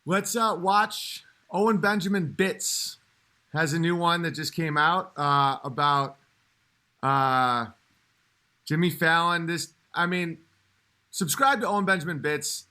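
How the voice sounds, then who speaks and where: A male comedian rambling through a casual livestream. He talks with a high, bright voice, stops and restarts a lot, and laughs easily. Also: takes it slowly. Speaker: comedian streamer.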